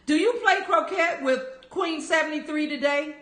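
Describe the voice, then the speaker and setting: A woman reading the part of a grinning, riddling male cat in a playful, measured storybook voice. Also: high-pitched, a bit bright, pitched above the performer's own voice. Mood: teasing. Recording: roomy echo.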